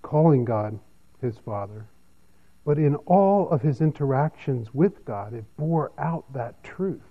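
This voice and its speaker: A man preaching a sermon in a measured, expository way, with his pitch rising and falling often. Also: lively intonation, narrow, tinny audio. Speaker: pastor.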